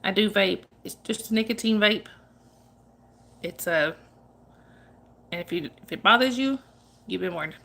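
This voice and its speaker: Woman streamer, casual and chatty, crisp bright tone, laughs a lot, talks warmly to chat. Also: mid-range voice, animated, unhurried, pauses often. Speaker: livestream host. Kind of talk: casual livestream chat reading viewer comments.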